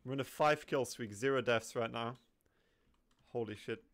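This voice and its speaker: A man giving live commentary over his own gameplay, excitable, swinging from low muttering to sudden yelps and laughter. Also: moderate pace. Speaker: gaming commentator.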